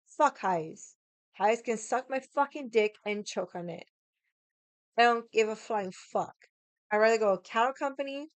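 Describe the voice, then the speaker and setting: Forties woman, Boston accent, blunt profane vlog rant, smooth clear voice. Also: fairly high pitch, a little slow, no echo. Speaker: vlogger. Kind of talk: casual rant to camera.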